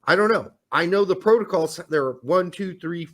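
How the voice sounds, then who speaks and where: A man co-hosting a casual sports talk show, joking and animated as he talks. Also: high voice, moderate pace. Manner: lively, joking, animated delivery. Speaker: podcast co-host.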